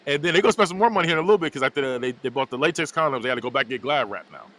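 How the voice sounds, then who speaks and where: A man hosting a podcast, recapping a movie in an animated, casual way with frequent laughs. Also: on the high side, rapid-fire. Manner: animated storytelling, laughs often. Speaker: podcast host.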